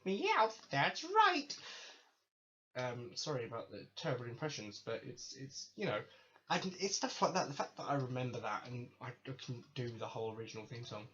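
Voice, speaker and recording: Speaking fairly quickly at a medium pitch, this man has a bit of brightness to his voice. On his own podcast he talks casually and enthusiastically, wandering and self-correcting, captured on a slightly dull lo-fi mic with faint hiss.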